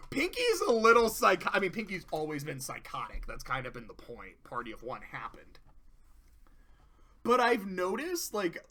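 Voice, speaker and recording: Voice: medium pitch, bright, forceful tone. A cartoon episode reviewer in casual video commentary, rambling with profanity and laughing asides.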